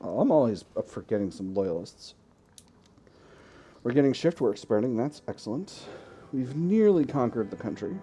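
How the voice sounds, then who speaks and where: A man hosting a let's play, thinking aloud in a relaxed way as he plays a strategy game. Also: mid-range voice, normal speed. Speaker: gaming channel host.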